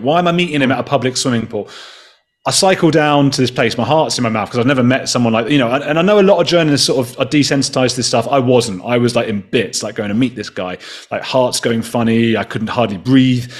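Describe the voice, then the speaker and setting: A man in his thirties tells a story as a podcast guest, talking in a casual, animated way. He swears freely and slips into the voices of the people he quotes. His voice sits at an ordinary middle pitch. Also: fairly quick.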